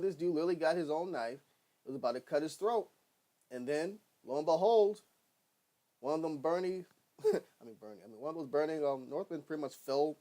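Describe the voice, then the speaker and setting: Recapping a TV episode in a loose, excitable way, this male reviewer keeps cursing and performing the characters' lines himself. His voice sits fairly high.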